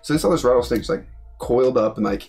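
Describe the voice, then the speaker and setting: Young guy from utah telling a story, lively, does the voices, laughs a lot, bit of music in back. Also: medium pitch, quick pace. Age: young adult. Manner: animated, acts out quoted voices, laughs often. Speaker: college football player, podcast co-host. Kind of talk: casual storytelling chat.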